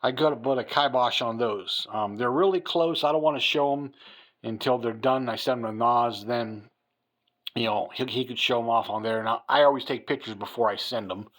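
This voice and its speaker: A man's voice: mid-range voice, moderate pace, a bit bright. A man hosting a casual hobby vlog from home at night, tired and rambling, full of fillers and restarts as he talks to a phone camera. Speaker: hobby channel host. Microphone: phone camera on a mount.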